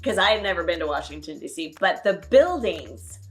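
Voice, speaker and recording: A middle-aged woman co-hosting a casual travel vlog, telling stories excitedly with lots of "oh my gosh.". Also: on the low side, fairly quick, soft background music. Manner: excitable storyteller, many gasps of "oh my gosh". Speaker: co-host.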